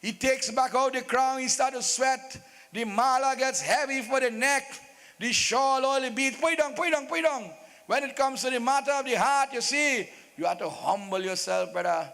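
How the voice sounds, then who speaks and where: A man's voice: very high-pitched, normal speed, gravelly, bright, forceful tone, long reverb tail. A man narrating a live staged epic with humorous asides to the devotees. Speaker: Ramleela narrator.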